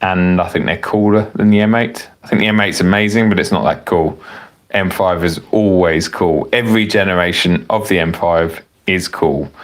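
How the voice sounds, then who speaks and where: Casting note: low-voiced man hosting a live car Q&A, loose and chatty, a bit tipsy. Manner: rambling, self-correcting, chatty with frequent fillers. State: tipsy from wine. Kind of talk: casual live-stream chat reading viewer comments.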